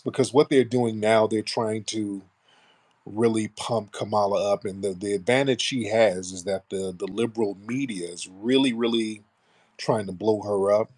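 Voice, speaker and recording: A man's voice: on the low side, a little mellow. A man hosting a casual live stream, talking bluntly and sarcastically about the news. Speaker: host.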